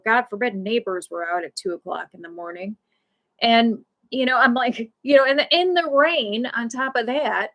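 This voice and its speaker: A woman hosting a live stream, telling a casual story in a rambling, animated way full of fillers. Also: on the high side. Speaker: livestream host.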